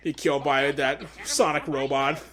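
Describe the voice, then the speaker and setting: A man's voice: medium pitch, flat delivery, moderate pace, fairly bright tone. A man giving casual audio commentary on his own fan dub. He rambles, stammers over repeated words and laughs often between remarks.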